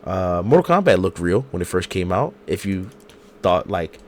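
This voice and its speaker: Man, hoarse with a cold, video call, lowish voice, animated slangy storytelling. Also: normal speed. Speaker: podcast co-host. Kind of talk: casual chat.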